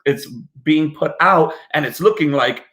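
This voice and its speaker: A middle-aged man co-hosting a casual parenting talk, animated and explaining with acted-out examples. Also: a little high. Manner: animated, acts out parent and child lines in quick quoted voices. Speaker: martial arts instructor co-hosting a parenting talk. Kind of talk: casual instructive chat.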